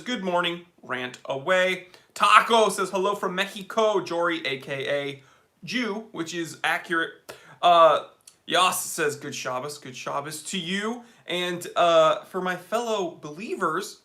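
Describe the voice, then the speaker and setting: A man's voice: on the high side, pushed and bright. A man hosting a casual live stream, chatting upbeat and reading out viewer comments with lots of fillers.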